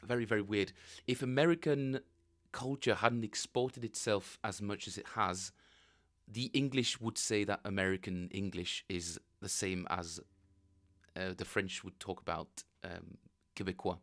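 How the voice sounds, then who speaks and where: A man's voice: fairly low pitch, fairly even intonation, a little slow, a bit bright. A man casually chatting with viewers on a live stream, rambling and joking as he reads chat aloud. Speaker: bass player streaming practice.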